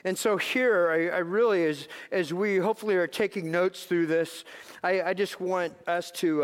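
A man with a high voice preaches to his congregation, talking in a loose, conversational way and stumbling over repeated words as he builds emphasis. His voice rings out in a church sanctuary with a long reverb tail. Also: a little slow. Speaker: pastor. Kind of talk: sermon.

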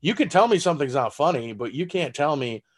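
Brisk and lively in intonation, this Texan comedian's slightly high voice carries a Southern accent. In loose podcast conversation he laughs a lot, cusses, and leans on filler words.

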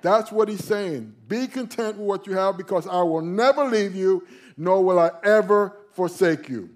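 A male pastor preaching a sermon, emphatic, slowing down and leaning on key phrases. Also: high voice, darkish tone.

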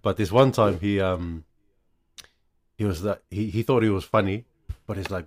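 Speaking at a moderate pace with long pauses, a low-pitched man shares family stories in a relaxed podcast chat. His manner is easygoing and full of fillers.

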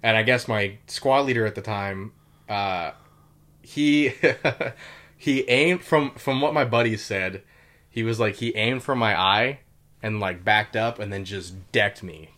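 A man's voice: lowish voice, a bit bright. A young man telling war stories in a casual chat, loose and full of fillers and swearing. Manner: swears a lot, quick and loose with many fillers. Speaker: podcast host telling military stories.

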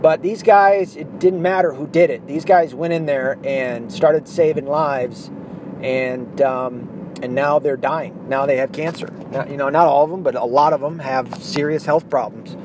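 A man's voice: a little high, a little slow. Heated, profane ranting man, noisy recording. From Michigan, USA. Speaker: commentary host. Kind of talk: ranting political commentary.

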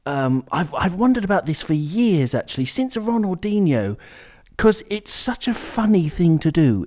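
A man's voice: high-pitched, darkish tone. A man hosting a casual football chat, rambling and drifting off on tangents. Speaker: podcast host. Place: indoors during a storm with traffic outside.

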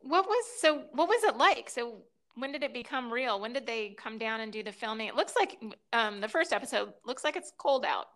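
A woman's voice: a little high, expressive, normal speed, few pauses, fairly bright tone. A woman interviewing a guest, asking casual questions and laughing along. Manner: friendly, laughs along, short backchannels.

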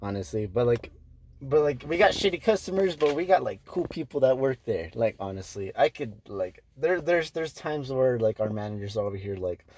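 A man's voice: medium pitch, animated, normal speed, darkish tone, a little hiss or hum. A young man hosting a podcast, telling stories in casual chat with heavy swearing and lots of fillers. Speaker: podcast host.

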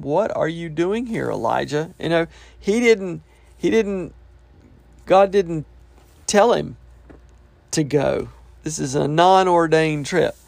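Gravelly-voiced man preaching from scripture. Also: on the high side, darkish tone, no echo. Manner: reads verses then breaks off to explain in plain talk. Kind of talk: sermon reading and explaining scripture.

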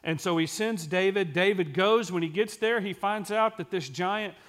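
A man with a slightly high-pitched voice preaches a sermon, reading scripture aloud and then stopping to explain it and ask his listeners questions. At points he sinks into a quiet, intense delivery to drive a point home. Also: moderate pace. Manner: drops to a quiet, intense voice for emphasis.

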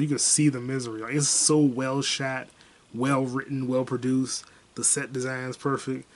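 A young adult man hosts a podcast and rambles through a casual movie review, dropping in the odd curse. His mid-range voice sits in an ordinary register, laid-back and loose.

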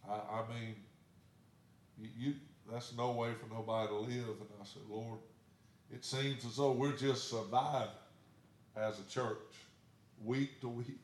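A man's voice: medium pitch, little pitch movement, a little slow, pauses often, reverberant, slight background noise. A man, a pastor telling a story in a sermon in a plain, folksy way. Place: church sanctuary.

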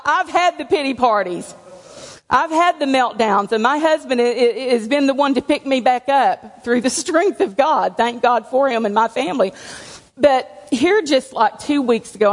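Woman, church testimony, frank and homespun, slightly high voice, long hall echo. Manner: candid, conversational, with self-deprecating humor. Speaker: church speaker giving testimony. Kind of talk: personal testimony to a congregation. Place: church sanctuary.

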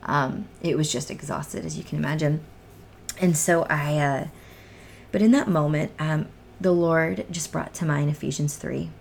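An earnest woman shares her personal testimony as a guest in a podcast conversation, her voice low and edged with a gravelly fry. She speaks from the heart and often drops to a hushed, breathy near-whisper. A faint hiss sits under her voice. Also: moderate pace.

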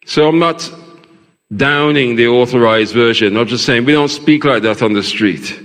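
A man's voice: mid-range voice, normal speed, fairly bright tone. A man preaching a sermon as pastor, asking the congregation questions as he goes. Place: large church. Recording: long hall reverb in church.

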